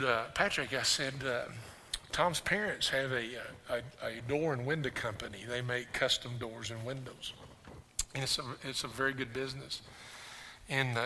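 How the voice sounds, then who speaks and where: An older man, a pastor, preaching a sermon, telling a personal story and then rising into loud, impassioned preaching. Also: mid-range voice, gravelly, a little hiss or hum. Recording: reverberant hall with faint music.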